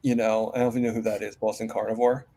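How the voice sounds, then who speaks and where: Rambling man with a gravelly voice. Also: lowish voice, little pitch movement, very fast, warm tone. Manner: rambling, many fillers and restarts. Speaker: interview guest. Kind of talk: casual live-stream chat.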